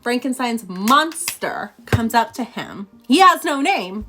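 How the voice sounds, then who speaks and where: A woman's voice: fairly high pitch, big pitch swings, takes it slowly, pushed and bright. Chatty young woman, comedic retelling. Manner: chatty, lots of "like" fillers, sarcastic asides. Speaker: comedic book summarizer.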